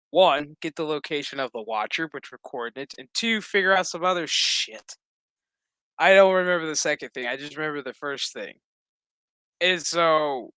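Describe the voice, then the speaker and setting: A man's voice: a little high, clear, resonant tone, dry recording. A man hosting a casual show recap, rambling, swearing freely and acting out the scenes. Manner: rambling, profane, animated. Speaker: host.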